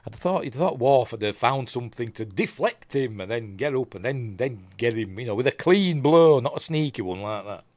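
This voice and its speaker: A man with a Yorkshire accent, his voice going hoarse, rambling through a live casual episode recap with lots of ums and asides. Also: medium pitch, lively intonation, normal speed, few pauses, darkish tone, no room sound. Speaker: streamer reviewing TV episodes.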